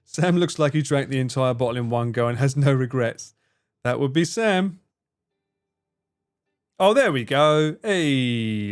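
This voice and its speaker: A man's voice: medium pitch, lively intonation, a little slow, long pauses, clean tone, faint music behind. A man streaming live, chatting casually with his viewers, swearing freely, laughing and bantering.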